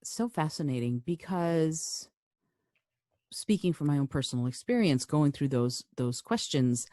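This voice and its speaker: A woman's voice: low voice, lively intonation, unhurried, warm tone, no room sound, clean studio sound. A woman hosting a podcast interview, reflecting on her own experience in response to her guest. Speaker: podcast host.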